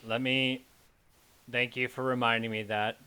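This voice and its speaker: A man narrating as game master of a tabletop game, relaxed and halting with fillers. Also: medium pitch, smooth.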